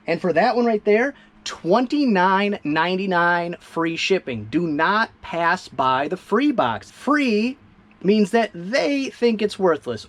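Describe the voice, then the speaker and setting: A man who resells online, chatting casually in a rambling, self-amused way while he packs orders for shipping. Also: sits high. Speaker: eBay reseller. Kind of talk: casual vlog narration while packing orders.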